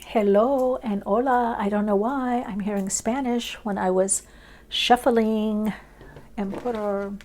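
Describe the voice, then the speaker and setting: A woman's voice: medium pitch, fairly even intonation, slow, darkish tone. A woman doing an intuitive tarot reading, musing aloud in short, dreamy phrases. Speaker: tarot reader. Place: indoors, off camera.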